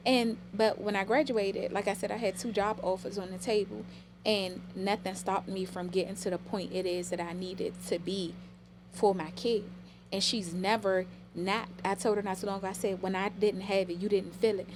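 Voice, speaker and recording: A woman's voice: medium pitch, steady tone, moderate pace, noisy background. A middle-aged woman telling personal stories with emotion in a casual podcast conversation. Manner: emotional, storytelling. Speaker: podcast guest.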